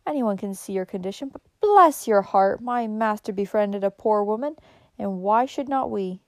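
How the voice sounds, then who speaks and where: A woman reading a storybook, voicing a kindly, devout old mother who speaks in a tender, soft-spoken way. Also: medium pitch, lively intonation, moderate pace, no echo, natural voice.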